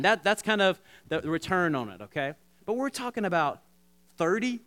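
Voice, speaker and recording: A man preaching a sermon, talking straight to the congregation with lots of restarts and animated asides. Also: sits high, moderate pace. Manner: animated, repetitive restarts, addresses congregation directly. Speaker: pastor.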